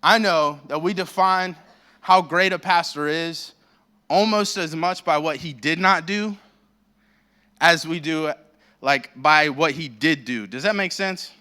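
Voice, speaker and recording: Bright, joking American guest preacher. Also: male voice, fairly high pitch, unhurried, clean tone. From United States. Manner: self-deprecating, joking and rambling. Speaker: guest pastor. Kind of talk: sermon. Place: church sanctuary. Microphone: handheld microphone.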